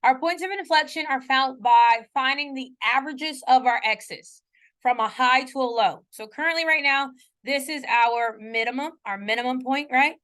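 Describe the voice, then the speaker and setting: A female math teacher gives a classroom lecture, her high, light voice a bit bright. Keeping things casual and chatty, she teases herself over mistakes and keeps stopping to ask if the class is with her.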